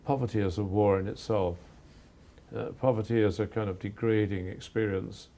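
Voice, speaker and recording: Older male photographer from England, gravelly and mellow, earnest and reflective. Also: fairly low pitch, fairly even intonation. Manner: earnest, measured, with frequent restarts. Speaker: photographer guest. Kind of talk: reflective interview answers.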